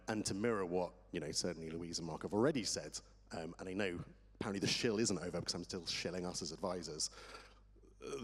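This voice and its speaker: A man's voice: sits low, slightly rough. A middle-aged man on a conference panel, talking about tax in a chatty, enthusiastic way that sometimes loses its thread. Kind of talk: panel discussion. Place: conference hall. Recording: long hall reverb.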